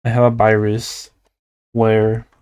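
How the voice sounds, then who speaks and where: A young Latin American man with a Latin American Spanish accent chats playfully on a livestream while drawing, rambling and saying "like" a lot. His voice sits on the low side, slow and monotone, a little mellow with a clean tone. He's a streamer and artist.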